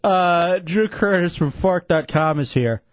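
A man's voice: high-pitched, measured pace. A man hosting a talk radio show, teasing his guests in joking banter and laughing often. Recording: dull lo-fi radio broadcast.

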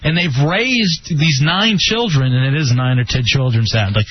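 A man's voice: medium pitch, normal speed, a little hiss or hum. A man hosting a casual radio show, joking and laughing often and mocking himself. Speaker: radio host. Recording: dull lo-fi radio recording.

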